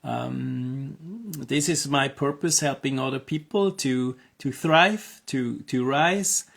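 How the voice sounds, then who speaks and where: Male health coach, casual to-camera pitch, gravelly edge to the voice, halting with lots of fillers. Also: fairly bright tone. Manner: hesitant, many fillers and restarts; earnest, encouraging. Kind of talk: casual promotional monologue.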